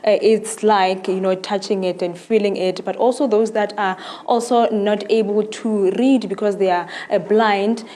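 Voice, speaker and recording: A woman's voice: mid-range voice, mellow. Woman reporting from the field. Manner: thoughtful, with many fillers.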